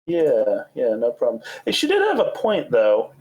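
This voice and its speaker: Male player, casual and wisecracking, mid-pitched, plain everyday voice. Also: wildly swooping pitch, moderate pace, darkish tone, rough recording. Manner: joking, offhand, swears casually. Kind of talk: casual role-play chat.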